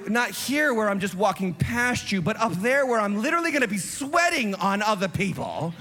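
A male pastor preaching an impassioned sermon, sometimes shouting. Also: sits high, sing-song, moderate pace, hardly any pauses, in a large hall. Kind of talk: fiery sermon.

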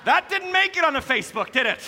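Male pastor, animated sermon voice, high and bright, joking with sudden shouts, long church reverb. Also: fast talker, a little hiss or hum. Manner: animated, jokey preaching with sudden shouts and drops to soft tones. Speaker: lead pastor. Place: church sanctuary. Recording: preached in a hall with long reverb.

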